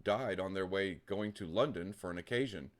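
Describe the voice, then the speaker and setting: A man's voice: low-pitched, normal speed, close to an everyday voice. A man voicing a sugary woman romance scammer who poses as a soldier and coos "honey" at him. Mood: mournful. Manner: cooing, calls him honey.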